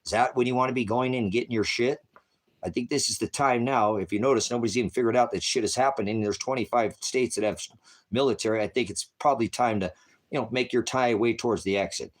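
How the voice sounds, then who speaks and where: A man's voice: mid-range voice, fast talker. A man hosting a rambling livestream, cracking jokes, swearing freely and urging viewers to act. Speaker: livestream host. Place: high desert home.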